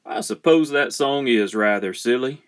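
A man's voice: medium pitch, normal speed, natural voice. A man doing a grumbling, stubborn old farmer.

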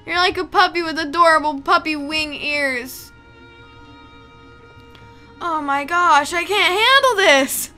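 Young woman let's-player, bright and sharp in tone, excitable and emotional. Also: very high-pitched, slow pace, long pauses. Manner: excitable, emotional, pleading with the game. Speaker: let's play gamer. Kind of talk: reacting to a video game. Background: faint game music.

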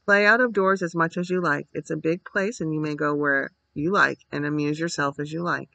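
A man voicing a gloomy, grieving gentleman guardian who speaks in a fretful, distracted way. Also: on the high side, steady tone, a little fast, vocal fry, no echo, low-quality recording. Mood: weary gloomy.

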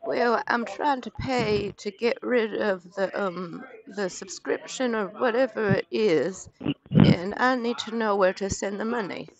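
A woman's voice: mid-range voice, measured pace, lightly acted. A woman putting on the voice of a timid, confused elderly woman caller who hesitates and frets over her words. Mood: worried. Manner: hesitant, worried, fumbling for words. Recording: muffled lo-fi stream audio.

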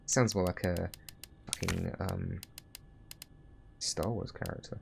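A man's voice: sits low, steady tone, slow, vocal fry, pauses often, slight background noise. A man chatting casually over a game stream, swearing freely and talking to the characters on screen. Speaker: gaming streamer. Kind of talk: casual let's-play commentary.

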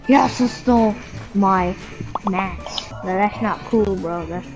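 A woman's voice: mid-range voice, takes it slowly, music in the background, poor audio. A woman gaming and chatting casually, swearing and accusing others of cheating. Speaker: gamer.

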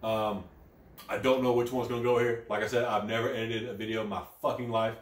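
A man hosting a crude comedy news show while high, rambling and swearing, with sudden loud outbursts. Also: little pitch movement, brisk. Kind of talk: crude satirical news commentary. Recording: echoey room, mic at a distance.

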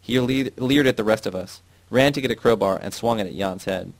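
A man reading a novel aloud in a steady, measured way. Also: fairly low pitch, vocal fry, dry recording. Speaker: audiobook reader.

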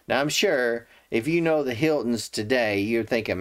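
A man's voice: mid-range voice, unhurried. A man giving casual Bible commentary, retelling the story in his own words and acting out the people in it. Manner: acts out the quoted speakers. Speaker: Bible teacher.

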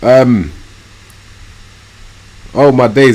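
A young man giving live commentary on a football management game, swinging from low muttering to loud yelling and swearing often. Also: expressive, normal speed. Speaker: streamer.

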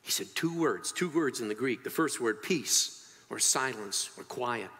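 Man preaching in a reverberant hall. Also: a little slow. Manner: animated storytelling with wide swings in pitch and loudness. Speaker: pastor. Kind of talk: sermon.

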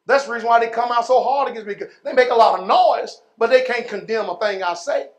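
Man, pastor, high-pitched, fiery sermon, drawn-out words, sudden shouts, folksy. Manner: folksy, calls the congregation y'all and man.

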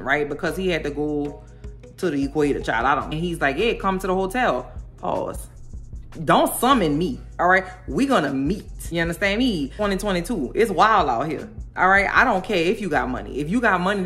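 A woman hosting a casual commentary vlog, animated and sassy, talking straight to her viewers. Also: deep voice. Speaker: video host reacting to a documentary.

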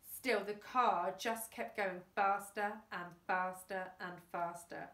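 A woman's voice: medium pitch, fairly even intonation, slow pace, fairly bright tone, far from the mic. A woman, a class teacher, reading a storybook aloud and chatting to her pupils between passages. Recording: roomy echo.

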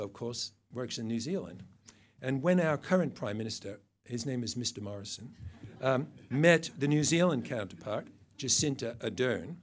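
An older man presents a tongue-in-cheek award before a live audience, his delivery dry and mocking. He pauses for wry asides and reads out quotes with mock gravity. Faint noise sits under his voice. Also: mid-range voice. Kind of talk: satirical awards speech.

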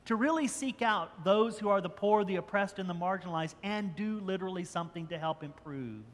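Older man preaching in an echoing church. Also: on the high side. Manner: conversational preaching with repeated restarts. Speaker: pastor. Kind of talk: sermon. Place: church sanctuary. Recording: church hall with long reverb.

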